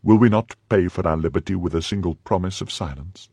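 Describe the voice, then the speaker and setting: A man's voice: low-pitched, fairly quick, warm tone, breathy edge, no echo, clean studio sound. A man reading a jeering cruel nobleman. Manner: mocking, then menacing. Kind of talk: audiobook reading.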